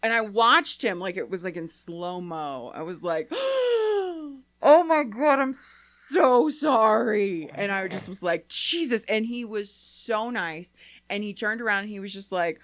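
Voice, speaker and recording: A woman's voice: mid-range voice, normal speed, bright, forceful tone, no echo. A woman co-hosting a casual chat podcast, telling rambling stories full of "like" and acted-out quotes. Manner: rambling storyteller, acts out quotes, frequent "like". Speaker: podcast co-host.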